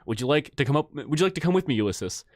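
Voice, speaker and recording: A man voicing a calm, matter-of-fact male doctor in a plain, steady read from a story. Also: fairly high pitch, fast talker, no echo, clean studio sound.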